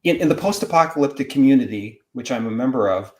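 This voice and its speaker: A man's voice: medium pitch, animated, quick pace, darkish tone. A man speaking as an academic guest in a casual discussion, talking in a digressive way with many restarts. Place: video call.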